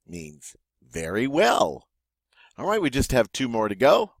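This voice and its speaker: A man's voice: mid-range voice, wildly swooping pitch, measured pace, vocal fry, dry recording, studio quality. A man teaching a vocabulary lesson, saying each word twice and then giving its meaning. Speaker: French teacher.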